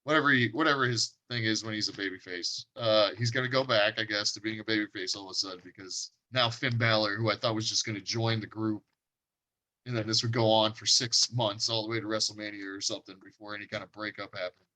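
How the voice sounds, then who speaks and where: A man's voice: lowish voice, fairly even intonation, quick pace, sharp tone. A man co-hosting a casual podcast about wrestling, rambling and hesitant, with many restarts. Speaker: podcast co-host. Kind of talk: casual chat.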